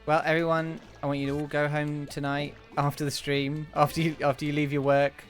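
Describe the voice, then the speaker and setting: A man hosting a casual game stream, chatting excitably and swearing when the game goes wrong. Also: fairly high pitch, fairly quick, soft background music. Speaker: streamer playing a platform game. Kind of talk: casual let's-play chat.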